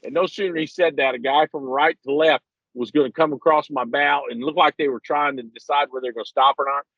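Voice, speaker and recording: A man's voice: fairly high pitch, fairly even intonation, fast talker, no room sound. A man, telling a long rambling, self-deprecating story while calling in to a podcast. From Missouri, USA. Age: 50s. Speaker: regular podcast guest. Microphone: phone call. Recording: muffled lo-fi call-in audio.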